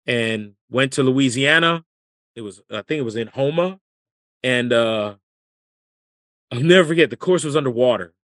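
A man and former caddie and comedian, telling lively stories as a podcast guest and laughing as he goes. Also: medium pitch, normal speed, pauses often, no room sound, studio quality. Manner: lively storyteller, laughs through his anecdotes. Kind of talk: casual storytelling interview.

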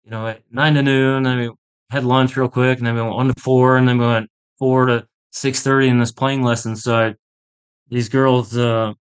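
Here a golf instructor from Pittsburgh talks at normal speed in a medium-pitched, smooth voice with flat delivery. As a podcast guest in a casual interview, he rambles enthusiastically and laughs often through his stories.

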